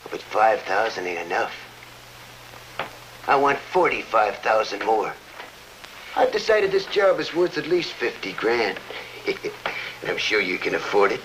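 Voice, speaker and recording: Flat Top: a gloating gangster boss. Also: male voice, on the low side, a little slow, pauses often, rough recording. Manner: gloating, tough-guy snarl. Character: scheming male gangster boss, greedy blackmailer. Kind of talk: 1940s radio acting. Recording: old radio recording with faint hiss.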